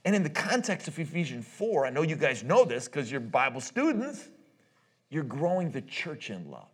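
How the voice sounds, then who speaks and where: Husky, animated middle-aged male preacher. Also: fairly high pitch. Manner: animated storyteller who laughs at his own stories; loose, halting delivery with many restarts. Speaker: marriage conference speaker. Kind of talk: conversational sermon with personal stories. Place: church.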